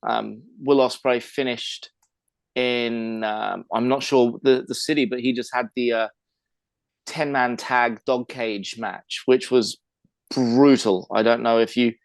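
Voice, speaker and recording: Here the English co-host speaks slowly, his medium-pitched voice showing vocal fry and a fairly even intonation. He's chatty and long-winded in casual conversation, restarting sentences and using fillers. No room sound is audible.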